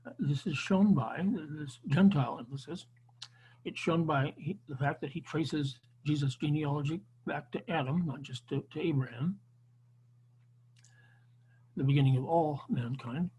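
A man's voice: on the high side, normal speed, a little mellow, breathy edge, poor audio. A man teaching an online Bible class, lecturing unscripted with frequent restarts and fillers over a video call.

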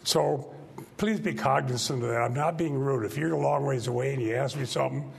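Soft-spoken gravelly pastor teaching a class. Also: male voice, mid-range voice, brisk. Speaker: pastor leading a church class discussion. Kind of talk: informal church teaching talk. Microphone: microphone.

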